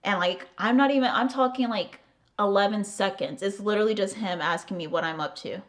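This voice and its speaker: A woman's voice: mid-range voice, fairly quick. Candid young American woman vlogger. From United States. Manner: candid, profane, lots of "like" fillers. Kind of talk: casual storytime chat.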